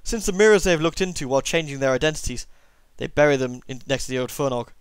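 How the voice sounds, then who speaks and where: A man's voice: medium pitch, quick pace, clear, resonant tone, no room sound, lightly acted. A man voicing an older village woman who tells local folklore, reading game dialogue aloud in a put-on accent. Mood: solemn. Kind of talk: let's play character voicing.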